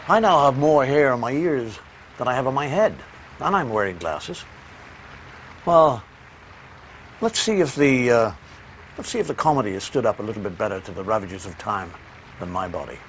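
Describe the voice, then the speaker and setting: A man's voice: mid-range voice, animated, fairly quick, a little hiss or hum. A middle-aged man talking to camera in a wry, self-mocking way. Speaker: comedian. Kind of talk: reflective talk to camera.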